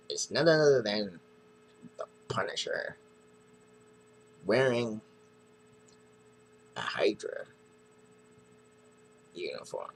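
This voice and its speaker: A man's voice: on the low side, slight background noise, rough recording. A man casually reviewing a comic book, retelling the story in a rambling, hesitant way.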